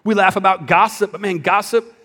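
A man preaching a sermon in a conversational style, dropping at times to a hushed voice for emphasis. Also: high-pitched, a little fast, in a large hall. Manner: conversational preaching with dramatic drops to a whisper. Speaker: pastor.

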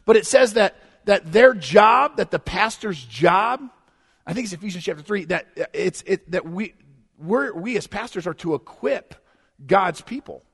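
Male pastor, high tenor, lively conversational sermon delivery, reverberant church hall. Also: moderate pace, breathy edge. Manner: animated, conversational preaching with humor and rhetorical questions. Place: church sanctuary.

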